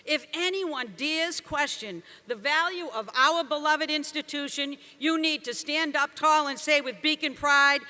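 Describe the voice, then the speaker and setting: A woman's voice: high voice, unhurried, few pauses, pushed and bright. A woman giving a commencement speech, joking and emphatic as she rouses the crowd. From Boston area, USA. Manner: jokey, emphatic, rousing the crowd. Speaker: commencement speaker. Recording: long reverb from a large venue.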